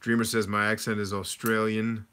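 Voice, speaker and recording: Bright-voiced man chatting on a livestream. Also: on the low side, level tone, moderate pace, clear, resonant tone. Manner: conversational, reads chat comments aloud and answers. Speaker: livestream host answering chat. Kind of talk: casual livestream chat.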